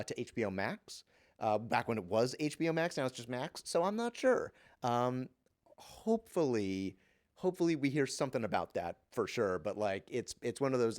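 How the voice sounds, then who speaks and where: A male voice actor being interviewed, talking in a casual, easygoing way and at a medium pitch for a man. He pauses with many ums and restarts, then picks up as he tells a lively story. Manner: chatty, relaxed, many fillers and restarts; lively anecdote telling.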